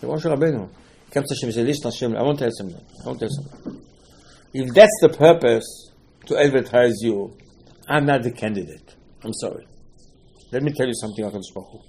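A man's voice: medium pitch, fast talker, darkish tone, slight background noise. A man delivers a Torah class as a dramatic sermon, with a mid-range voice. He retells the stories with conversational gusto, acting out the characters' lines. His delivery swings from soaring exclamations to near-whispered asides. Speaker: rabbi giving a Torah class. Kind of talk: animated Torah sermon with storytelling.

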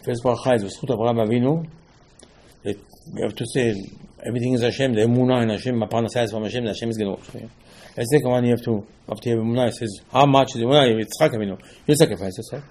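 A man giving a Torah class as a rabbi, in halting, with emphatic restarts. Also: medium pitch, steady tone, a little mellow. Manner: non-native English, halting restarts, rising emphasis.

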